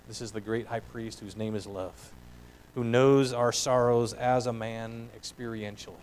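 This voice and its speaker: A middle-aged man preaching a sermon in an earnest voice, rising to strong emphasis and dropping to quiet reflection. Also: mid-range voice, fairly even intonation, moderate pace, slight background noise, rough recording. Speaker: pastor.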